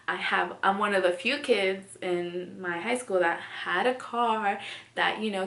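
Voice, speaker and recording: A woman's voice: medium pitch, creaky, fairly bright tone. A young woman vlogger telling a story in casual chat, rambling with lots of "like" and "you know" fillers. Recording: echoey room.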